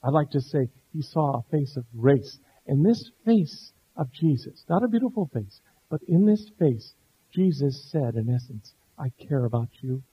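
A middle-aged man preaching a sermon, earnest, dropping to a hush and then rising to stress a point. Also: a little high, slightly rough. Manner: earnest, swings between hushed and emphatic. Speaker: pastor. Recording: dull lo-fi sound.

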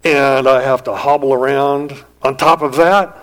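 A man voicing an overwhelmed young housewife near tears, pouring out a rushed, pleading list of complaints during a sermon story. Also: mid-range voice, fairly even intonation, close to an everyday voice. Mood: distressed.

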